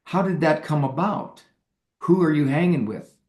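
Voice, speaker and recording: A man's voice: fairly high pitch, normal speed, a little mellow, echoey room. A man talking as a guest psychologist in a casual interview, acting out the parents and couples he describes.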